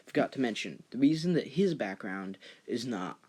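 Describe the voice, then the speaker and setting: A man's voice: mid-range voice, sing-song, normal speed, a little mellow, husky. A young man recording casual voice-over asides to his own video, sheepish and hesitant, poking fun at his own mistakes. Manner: sheepish, self-deprecating, hesitant with fillers. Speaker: channel host adding edit commentary.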